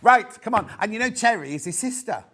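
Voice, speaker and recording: Man, Yorkshire accent, somewhat high pitch, gushing sales chat, rambling. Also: expressive, a little fast, a bit bright. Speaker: shopping channel presenter. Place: TV studio.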